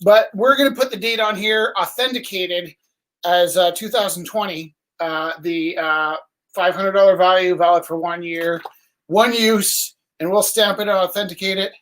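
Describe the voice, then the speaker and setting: A woman's voice: on the low side, a bit bright, rough recording. Chatty woman hosting a live art auction. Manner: chatty, rambling, quick asides. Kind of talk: casual live-stream chat. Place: art venue indoors.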